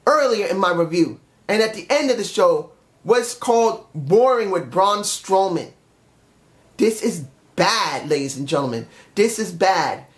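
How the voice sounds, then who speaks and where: Vlogger, male, high voice, frustrated swearing rant. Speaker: wrestling show reviewer. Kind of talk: angry vlog rant.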